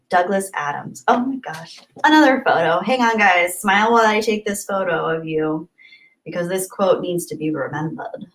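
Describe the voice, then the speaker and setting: A live streamer with a fairly low voice chats casually with her viewers at a moderate pace. She reads their comments aloud, rambles, and giggles often.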